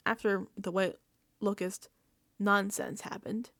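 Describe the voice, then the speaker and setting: A woman hosting a reality TV recap, ranting casually and acting out quotes in an exasperated, animated way. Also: mid-range voice, normal speed, dry recording, clean studio sound.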